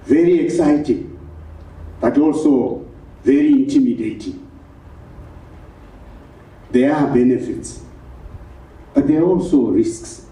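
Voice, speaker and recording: A man gives measured, reflective remarks at a book launch, speaking slowly in a very dark tone. He sits some distance from the mic, and his voice echoes through the hall. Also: medium pitch. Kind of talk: prepared public remarks. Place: event hall in Harare.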